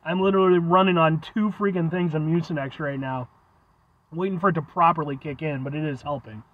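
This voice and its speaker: A congested man talks in a high, lively voice as he rambles through a casual food review vlog. He records from inside his truck, and the sound is a bit dull and lo-fi. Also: a little fast. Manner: rambling, chatty, animated.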